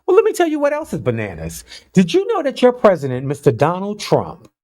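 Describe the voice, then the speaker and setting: Animated man riffing on the news. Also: sits high, brisk. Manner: animated, incredulous, talks straight to viewers. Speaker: news commentary vlogger. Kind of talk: casual news commentary.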